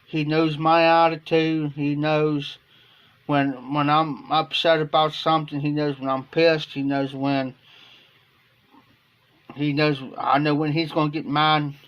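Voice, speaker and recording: A man's voice: fairly high pitch, flat delivery, measured pace, clean tone, highs cut off. Folksy Ohio man telling a rambling story. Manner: folksy, rambling anecdote with quoted dialogue. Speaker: live streamer. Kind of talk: casual storytelling. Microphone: phone or webcam on a live stream.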